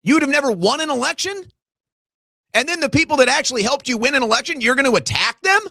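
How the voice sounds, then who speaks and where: A man with a high, bright voice rants on air as a political show host, his pitch swinging widely as his indignation rises and falls. He talks straight to his listeners, calling them folks. The sound is dry and close, with no room around it. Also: animated, fast talker, creaky, no echo. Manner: ranting, indignant, addresses audience as folks. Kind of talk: angry live political commentary.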